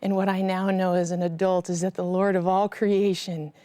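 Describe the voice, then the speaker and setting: A woman's voice: on the low side, flat delivery, moderate pace, clear, resonant tone, no room sound. Woman telling an emotional testimony, dry sound. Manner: earnest, drops to a hushed whisper at painful moments. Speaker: guest sharing her testimony.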